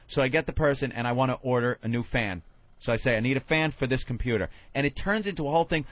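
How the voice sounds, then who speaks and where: A man's voice: mid-range voice, fast talker, dry recording. A man hosting a radio talk show, ranting bluntly and sarcastically in casual banter. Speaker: radio host. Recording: slightly muffled radio broadcast.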